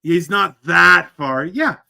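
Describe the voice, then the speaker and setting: A man from Canada co-hosting a casual show, teasing and trailing off into quiet asides. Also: high voice, expressive, slow pace, vocal fry. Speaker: cooking show co-host. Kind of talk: casual banter.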